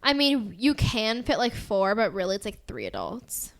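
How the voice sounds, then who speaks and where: A woman's voice: mid-range voice, huge pitch swings, normal speed, creaky. A young woman with an American accent, co-hosting a podcast in bubbly casual chat, full of "like" and giggles. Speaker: podcast co-host.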